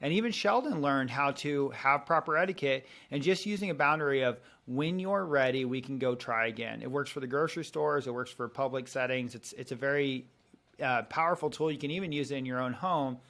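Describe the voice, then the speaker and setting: A man's voice: medium pitch, brisk, a bit bright. A man in his thirties on a podcast, earnestly explaining a parenting method and acting out little example conversations. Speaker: parenting coach guest.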